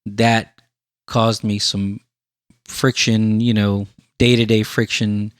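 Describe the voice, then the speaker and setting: A man's voice: on the low side, measured pace, dry recording. Male podcast host, casual storyteller, acts out quoted voices; dry, close sound.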